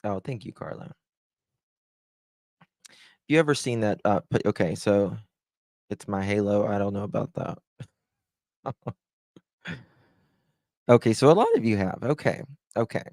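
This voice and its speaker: Male stream host, relaxed chat style, affectionate with his viewers, lowish voice, dead dry sound in a room at home. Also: measured pace, long pauses, no room sound. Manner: greets viewers by name with pet names. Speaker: true crime live-stream host. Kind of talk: casual live-stream chat. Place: room at home with blinds closed.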